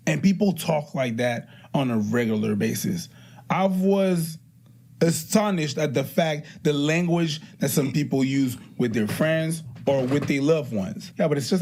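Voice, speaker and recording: A man in a casual podcast chat, animated and quick to act out how people talk. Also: a little high, a little hiss or hum. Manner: animated, acts out what others say.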